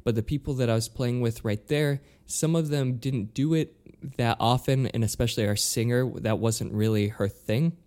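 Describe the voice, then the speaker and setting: Animated man telling a story. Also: mid-range voice, moderate pace, hardly any pauses. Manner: animated, acts out quoted voices, stammers when flustered. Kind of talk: casual storytelling chat.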